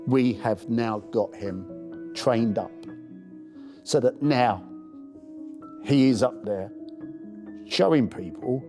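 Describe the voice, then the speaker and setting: A man's voice: medium pitch, slow, long pauses, warm tone, faint music behind. A man earnestly telling a heartfelt personal story in a documentary. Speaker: first-aid campaigner.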